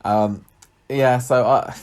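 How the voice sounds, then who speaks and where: A man's voice: mid-range voice, fairly even intonation, takes it slowly, a little mellow, clear, resonant tone. A man co-hosting a podcast, chatting casually about a soap with a playful, teasing manner and frequent laughter. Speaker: podcast co-host. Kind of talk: casual chat.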